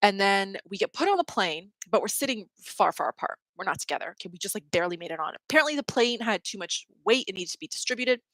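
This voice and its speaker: A woman streams live, telling a rambling, chatty story heavy with "like," laughing in the middle of sentences. Her mid-range voice is expressive and a bit bright, quick-paced with few pauses, and there's no echo.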